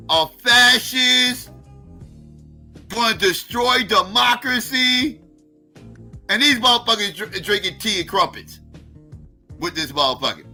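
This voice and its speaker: A man hosting a live stream, reacting in a heated, profane rant with repeated, drawn-out emphasis. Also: very high voice, pushed and bright.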